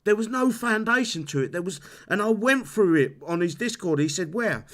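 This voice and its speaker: A man's voice: high-pitched, animated, a little fast, a bit bright. A man hosting a live stream, ranting heatedly about a game with lots of swearing and restarts. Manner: heated, sweary, repeats himself. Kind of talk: casual live-stream rant.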